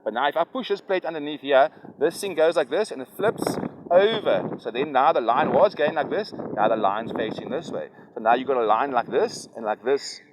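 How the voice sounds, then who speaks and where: A man's voice: medium pitch, expressive, brisk, few pauses. A man explaining nature to a child outdoors by a river, rambling and often asking "right? you understand?". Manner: lecturing, keeps checking "right? you understand?". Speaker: environmental activist explaining to a child. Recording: loud wind noise outdoors.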